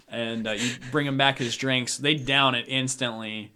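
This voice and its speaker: A man's voice: mid-range voice, fairly even intonation, moderate pace, pushed and bright, smooth. A man running a tabletop game as game master, casual and laughing as he narrates.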